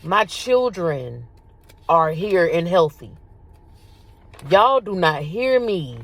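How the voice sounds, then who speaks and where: Woman, 30s, low-ish voice, animated faith talk straight to camera viewers. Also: slow pace. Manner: animated, repeats herself, addresses viewers as y'all. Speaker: faith video host. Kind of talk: casual spiritual talk to viewers.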